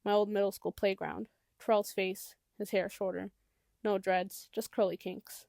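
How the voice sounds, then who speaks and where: A woman's voice: medium pitch, flat delivery, unhurried, gravelly, darkish tone, no room sound, clean studio sound. A woman narrating a first-person novel as an audiobook in an intimate, reflective way.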